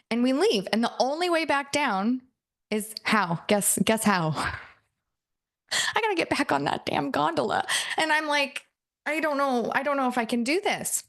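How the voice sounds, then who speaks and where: A woman's voice: medium pitch, a bit bright. A woman giving a live coaching talk to an audience, telling stories in a chatty way and often checking in with the listeners. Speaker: NLP and hypnosis coach.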